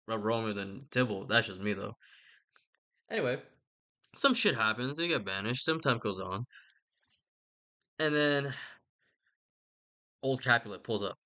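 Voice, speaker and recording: A man's voice: medium pitch, sharp tone. A young man giving a rambling, sarcastic comedic recap of a book, swearing casually and putting on voices for the characters.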